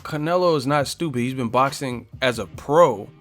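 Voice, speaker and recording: A man's voice: medium pitch, moderate pace, a bit bright, faint music behind. A man hosting a boxing live stream in a casual, profane, joking way, reading viewer comments aloud and trash-talking back at them.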